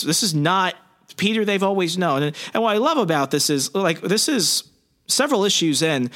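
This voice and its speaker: Co-host, male, higher bright voice, lively scene-recapper. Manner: animated retelling, quoting characters in voices. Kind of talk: casual recap discussion.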